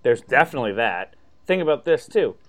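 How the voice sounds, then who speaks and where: A man co-hosting a casual podcast, animated and swearing freely. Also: mid-range voice, fairly quick. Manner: animated, swearing, acts out quotes. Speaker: podcast co-host. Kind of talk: casual chat.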